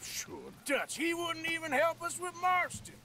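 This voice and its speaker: A man voicing a weary, gruff frontier outlaw who grumbles in a dry, sardonic way. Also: very high voice, a little slow, background noise. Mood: dry grumbling. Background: game music.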